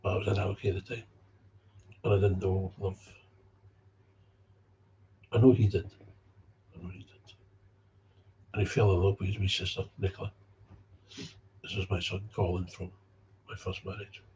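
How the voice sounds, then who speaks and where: A man's voice: sits low, completely flat delivery, brisk, long pauses, a little mellow, slight background noise. A man with a Scottish accent giving a blunt, heated personal talk about recovery, swearing freely. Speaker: speaker on recovery. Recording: dull lo-fi recording.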